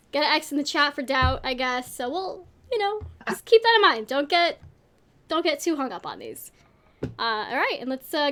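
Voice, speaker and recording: A high-pitched woman co-hosting a casual storytelling panel. She rambles, jokes at her own expense and gets animated as she goes. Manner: rambling, self-deprecating, animated. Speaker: panel co-host.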